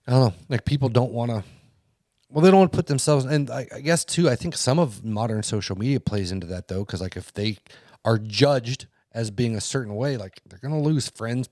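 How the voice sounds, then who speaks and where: Fast-ranting swearing man. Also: mid-range voice, a little mellow, dry recording, studio quality. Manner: heated, swears constantly, acts out quotes. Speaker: podcast co-host. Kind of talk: casual profane podcast rant.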